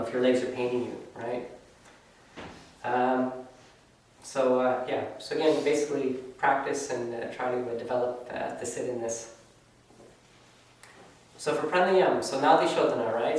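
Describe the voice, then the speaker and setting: A man teaching a yoga class in a loose, conversational way, often tagging his sentences with "right?". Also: medium pitch. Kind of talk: casual spoken class instruction. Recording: very echoey room, voice from far off.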